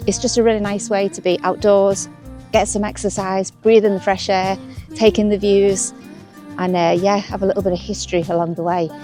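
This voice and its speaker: A young woman from north-west England chatting to camera while walking outdoors, upbeat and laughing easily. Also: mid-range voice. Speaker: vlogger. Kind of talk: casual walking vlog to camera. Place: outdoors by a waterside path.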